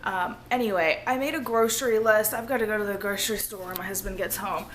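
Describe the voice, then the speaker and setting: A woman, hoarse and losing her voice, talking casually and earnestly to her viewers in a rambling vlog, often laughing. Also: medium pitch, fast talker, a little hiss or hum. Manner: rambling, earnest, laughs often, drops to a near-whisper at times. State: losing her voice, feeling ill. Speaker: vlogger.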